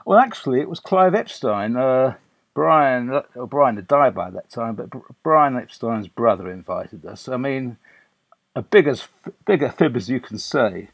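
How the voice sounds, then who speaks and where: A man's voice: medium pitch, expressive, a little slow, vocal fry, dry recording. An older man from England recounting a story in a chatty, anecdotal way, with fillers and restarts. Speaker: guest. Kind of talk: conversational storytelling.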